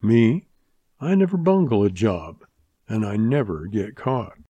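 A man voicing a scheming, ruthless saloon owner and rancher in a Western audiobook, gruff and blunt. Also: fairly low pitch, very animated, measured pace, warm tone, no room sound, lo-fi sound, full character voice.

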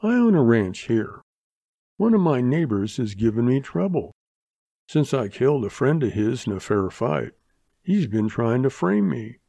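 A man voicing a scheming, ruthless saloon owner and rancher in a Western audiobook, gruff and blunt. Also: medium pitch, very animated, a little slow, dark tone, dry recording, heavily acted.

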